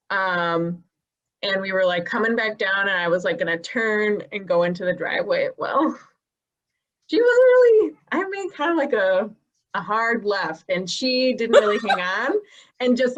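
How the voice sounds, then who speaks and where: Woman, casual storytelling, rambling, animated, video call sound, slightly muffled. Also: medium pitch. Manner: rambling, filler-heavy, animated retelling. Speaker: comedy performer.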